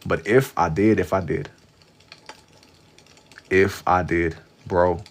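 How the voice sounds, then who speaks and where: A man's voice: sits low, steady tone, slow. A sleepy man chatting casually and rambling on a livestream as he draws, with a drawling, meandering manner and lots of repetition. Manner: drawling, meandering, slangy, repeats himself. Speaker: livestream artist. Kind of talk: casual rambling chat while drawing.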